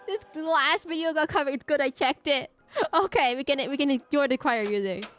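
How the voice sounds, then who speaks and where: A woman's voice: sits high, fairly bright tone. Giggly woman streaming a game. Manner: giggly, chatty, reads game dialogue aloud. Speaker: streamer playing a horror game. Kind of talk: casual let's play commentary.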